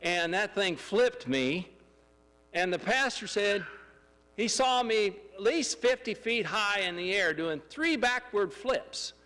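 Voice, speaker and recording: A man telling a lively testimony story in a church, excitable and laughing as he acts out the scenes. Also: high voice, takes it slowly, in a large hall. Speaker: church member giving a testimony. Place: church sanctuary.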